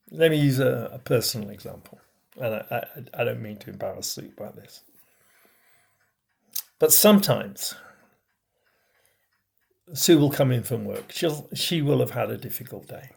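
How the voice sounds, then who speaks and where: In this recorded talk about communication, a middle-aged bishop emphasizes important words with pauses and shifts in volume. His mid-range voice is slightly rough, with vocal fry.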